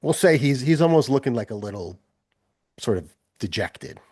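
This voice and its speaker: A man narrating as game master, halting and full of fillers and restarts. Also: medium pitch, big pitch swings, a little mellow, dry recording, studio quality.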